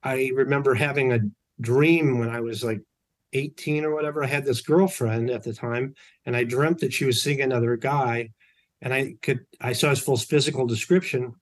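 A man's voice: medium pitch, steady tone, normal speed. Chatty man telling stories. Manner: chatty, anecdotal, with self-corrections. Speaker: podcast guest. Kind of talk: storytelling in an interview.

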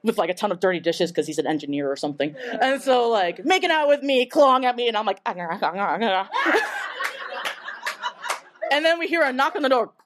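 A woman's voice: on the high side, lively intonation, fast, slight background noise. A young woman from Taiwan telling a story on stage at a live event, chatty and casual, full of "like" and laughing often. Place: live event in front of an audience.

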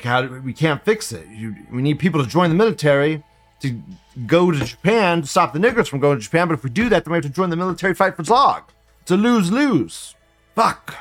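A man hosting a live stream, ranting casually in a profane, sardonic way and laughing often. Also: fairly high pitch. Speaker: live-stream host reading viewer comments.

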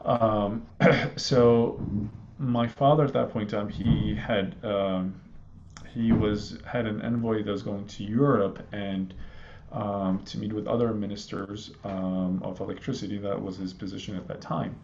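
A man in his thirties from Iraq, a guest calmly telling a personal story in a halting way, with many fillers, on a slightly muffled recording. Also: lowish voice, a little hiss or hum. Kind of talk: conversational storytelling. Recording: slightly dull, muffled audio.

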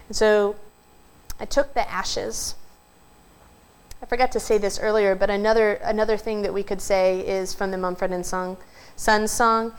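A woman pastor preaching a sermon, telling stories in an earnest way and slowing down for emphasis. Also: mid-range voice, fairly even intonation, clean tone, poor audio. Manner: storytelling, earnest, slows for emphasis.

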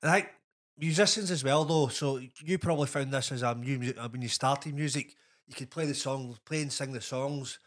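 A man's voice: mid-range voice, a little fast. A man co-hosting a podcast in casual chat, blunt and sweary, saying "aye" a lot.

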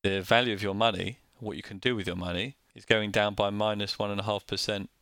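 A man's voice: on the low side, level tone, a little fast, fairly bright tone, smooth, no room sound. A man with a Northern English accent, co-hosting a casual chat and explaining things in plain, joking terms. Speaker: co-host.

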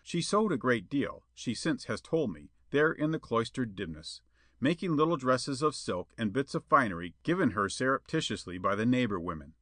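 A male narrator reads an old adventure story with expressive, lively intonation. His voice is bright and forceful, and the recording is dry and close-miked. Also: mid-range voice, moderate pace, dry recording. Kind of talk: audiobook reading of a pulp adventure tale.

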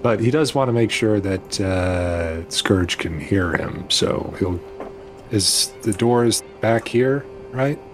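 A man playing a tabletop role-playing game, talking through his character's actions in a measured way. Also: fairly low pitch, lively intonation, noisy background. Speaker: player. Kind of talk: tabletop role-play session.

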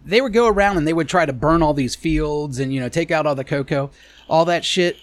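A man's voice: a little high, a little fast, dry recording. A man co-hosting a podcast, telling crude rambling stories with lots of profanity. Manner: rambling, profane, animated storytelling. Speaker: podcast co-host. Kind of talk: crude comedic banter.

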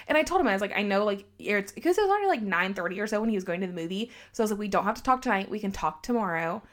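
Woman ranting about a guy on a podcast, animated, lots of "like", does his texts in her voice. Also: mid-range voice, fast talker, few pauses. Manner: animated, heavy use of "like", quotes people in her own voice. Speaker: podcast guest telling a story. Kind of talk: casual storytelling chat.

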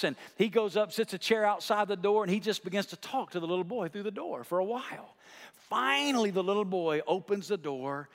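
A man preaching a sermon, telling a story and building to shouted climaxes. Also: high-pitched. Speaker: pastor. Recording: reverberant large hall.

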